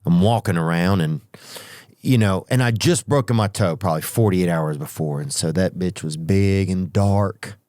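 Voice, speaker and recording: A man hosting a podcast, telling rambling comic stories with profanity and drawn-out asides. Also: low voice, a little mellow, no room sound, studio quality. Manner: profane, drawn-out asides, sudden character voices. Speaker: podcast host.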